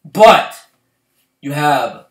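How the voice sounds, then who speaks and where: A young man ranting as a fan vlogger, swinging from loud outbursts to low mumbling. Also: very slow, recorded from a distance. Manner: excitable, swings from shouting to mumbling. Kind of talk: heated ranting. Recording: echoey room, voice off-mic.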